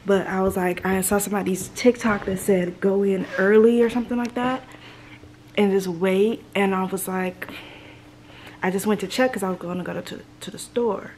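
A woman's voice: mid-range voice, steady tone, normal speed, a little mellow, slight background noise. A young woman from Los Angeles vlogging casually while sick and congested, rambling and emotional. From Los Angeles, United States. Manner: rambling, talks in reported thoughts. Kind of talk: casual vlog talk.

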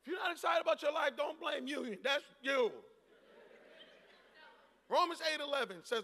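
A man from Boston preaches a sermon with a strikingly high, piercing, bright voice. He moves between hushed storytelling and fired-up shouting. His words ring out with a long reverb tail through a church hall. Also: normal speed, pauses often. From Boston, United States. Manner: preaching, swings from low storytelling to shouted exhortation. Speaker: pastor. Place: church auditorium.

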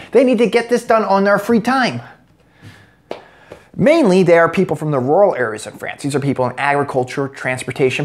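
An American man giving a sarcastic, joke-filled commentary vlog as a political commentator. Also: high-pitched. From United States. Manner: sarcastic, joking asides.

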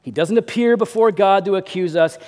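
A man preaching a sermon as pastor, with dynamic delivery that swings between loud emphasis and quiet low drops. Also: moderate pace, long reverb tail. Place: church sanctuary.

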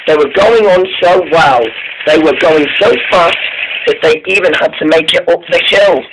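A man's voice: fairly high pitch, moderate pace, background noise. A man telling an improvised story about steam engines, often stumbling and restarting his sentences.

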